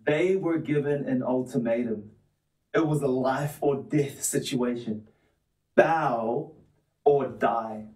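A man preaching a sermon in an earnest, steady way, stacking up repeated phrases to drive each point home. His voice sits at an ordinary middle pitch. It sounds roomy and a little far from the mic. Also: measured pace. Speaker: pastor. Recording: roomy echo, mic at a distance.

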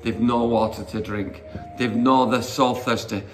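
A man's voice: medium pitch, steady tone, measured pace, soft background music. A man preaching an informal sermon, conversational and rambling with fillers and asides as he retells Bible stories.

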